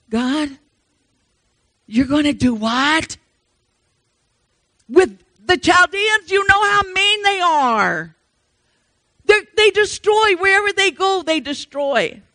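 A woman's voice: high voice, expressive, slow, long pauses, sharp tone, dry recording, clean studio sound, voice pushed up, exaggerated voice. A woman preacher voicing an exasperated old male prophet who pleads with God in incredulous questions.

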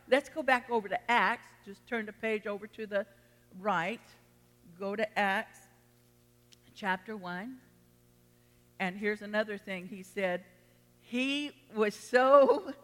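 Bright-voiced older woman preaching a sermon. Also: medium pitch, big-room sound. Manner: folksy, emphatic, rising to fervent exclamations.

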